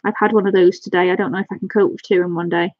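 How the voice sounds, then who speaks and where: Gushing husky woman live-streaming. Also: on the low side, rapid-fire, no room sound, muffled recording. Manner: gushing, excitable, thanks viewers by name. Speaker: live-streamer chatting with viewers. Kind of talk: casual live-stream chat.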